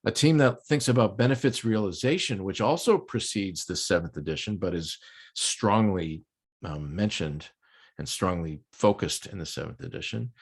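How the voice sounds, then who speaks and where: A man's voice: sits low, lively intonation, normal speed, husky. An older man from the United States lecturing a project management audience in a conference talk, explanatory with frequent ums and light jokes. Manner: explanatory, occasional filler ums, light joking.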